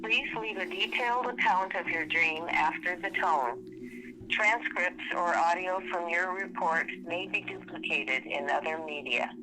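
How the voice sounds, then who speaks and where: A man voicing an automated female answering machine on a phone line, in a flat, robotic manner. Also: high-pitched, measured pace, pitched above the performer's own voice. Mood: detached. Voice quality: robotic, flat recorded message. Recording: tinny phone line with hiss.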